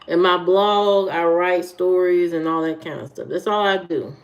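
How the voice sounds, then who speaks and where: A woman's voice: lowish voice, fairly even intonation, moderate pace, muffled recording. A woman from the American Midwest hosting a livestream, chatting casually with viewers, repeating herself and answering comments. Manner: chatty, repeats herself, talks to chat by name. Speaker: livestream host.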